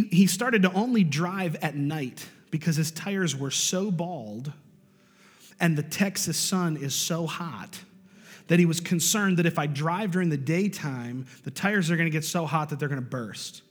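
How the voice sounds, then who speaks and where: A male pastor preaching a storytelling sermon, swinging from loud bursts to hushed, low lines. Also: long reverb tail.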